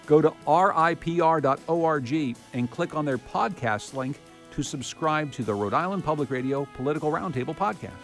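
A man hosting a public radio podcast, reading scripted segments and interviewing a guest in a measured, conversational way. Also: on the high side, expressive, faint music behind.

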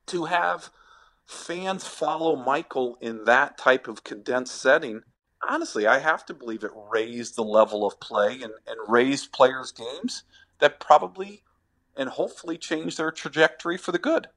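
A middle-aged former ballplayer, now a sports agent, answering podcast questions in a halting, reflective way with many restarts. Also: male voice, medium pitch, lively intonation, a bit bright.

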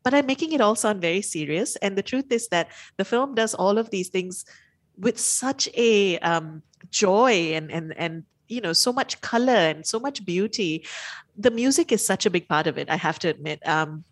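A woman's voice: mid-range voice, expressive, normal speed, no room sound. A woman co-hosting a radio film review show, talking thoughtfully and chatting. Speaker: radio co-host.

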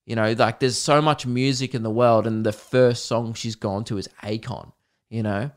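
An Australian man hosts a solo podcast in a loose, rambling way. He swears freely and breaks into bits of songs as he talks. His voice sits at an ordinary middle pitch. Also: fairly even intonation, normal speed. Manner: rambling, swears, sings song snippets. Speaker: podcast host. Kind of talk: casual solo podcast storytelling.

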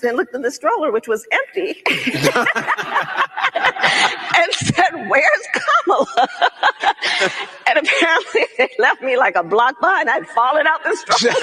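Woman, author at a book event, chatty storytelling, bright voice. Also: a little high. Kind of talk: anecdote at a public talk.

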